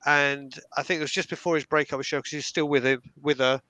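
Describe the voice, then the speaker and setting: A young man tells stories in an animated, casual way, often stumbling into restarts. His voice sits fairly high and sounds smooth and resonant. The sound is close and dry. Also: fast talker, no room sound, poor audio. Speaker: fan telling stories on a live stream. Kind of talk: casual storytelling.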